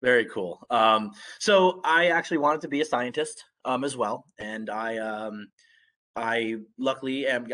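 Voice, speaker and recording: A young man with a congested, just-recovering voice gives a casual online talk as a guest speaker, with lots of fillers and restarts. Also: medium pitch. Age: young adult. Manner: relaxed, many fillers and restarts.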